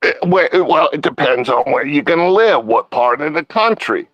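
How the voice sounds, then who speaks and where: A man's voice: fairly high pitch, big pitch swings, moderate pace, fairly bright tone, muffled recording. A man debating on a live stream, rambling in a folksy way with casual swearing. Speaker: debate guest.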